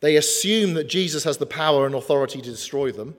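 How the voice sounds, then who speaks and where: A man preaching a sermon in an earnest way, slowing down for emphatic lines. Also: on the high side. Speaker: pastor. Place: church hall. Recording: long hall reverb.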